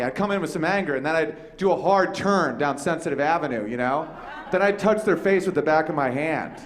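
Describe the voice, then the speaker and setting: Brief: male comedian host, slightly high pitch, animated bit-telling with put-on voices. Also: brisk. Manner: animated storytelling, acts out quoted voices, swears freely. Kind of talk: casual comedic chat.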